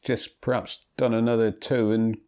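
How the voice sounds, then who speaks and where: A man hosting a local football radio show, chatting in a relaxed way and trailing off with fillers as he interviews guests. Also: fairly low pitch, moderate pace, smooth. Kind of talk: casual chat and interviewing.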